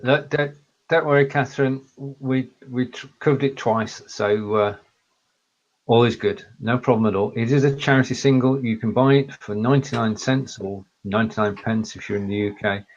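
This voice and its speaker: A man hosting a live online show, briskly reading out viewer comments and steering the chat. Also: mid-range voice, dull audio, a little hiss or hum. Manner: reads out viewer comments, quick and upbeat. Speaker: show host.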